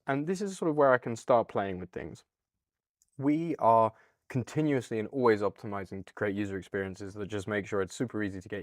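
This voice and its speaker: A man with a British accent hosting a casual, upbeat software walkthrough, chatty with a few fillers. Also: on the low side, dry recording, studio quality. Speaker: product demo host.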